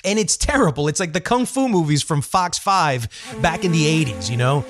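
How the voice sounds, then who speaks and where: A man's voice: fairly high pitch, moderate pace, soft background music. A man co-hosting a podcast in casual chat, blunt and profane, firing off rhetorical questions. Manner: animated, blunt, swears, fires off rhetorical questions. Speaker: podcast co-host.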